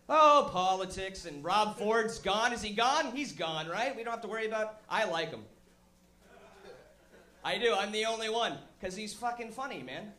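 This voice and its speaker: A man rants through a profane stand-up set in a high, sharp voice. His talk is crude and animated, and it echoes in a roomy live venue. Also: moderate pace. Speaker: comedian host.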